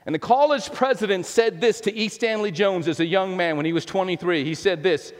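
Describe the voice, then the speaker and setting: A man's voice: sits high, a little fast. A man preaching a sermon in a church, in a conversational style with many restarts and playful asides. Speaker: pastor. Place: church sanctuary. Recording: long reverb in a large hall.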